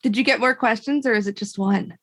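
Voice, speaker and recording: A woman's voice: fairly high pitch, brisk. A woman playing in a tabletop role-playing game, chatting playfully and laughing. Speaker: player. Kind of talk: casual game chat.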